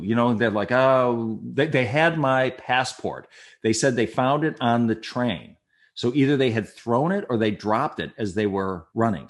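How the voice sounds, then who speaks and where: A middle-aged man telling a personal story in a rambling, animated way, acting out his own thoughts. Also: mid-range voice. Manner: rambling, animated retelling with quoted inner thoughts.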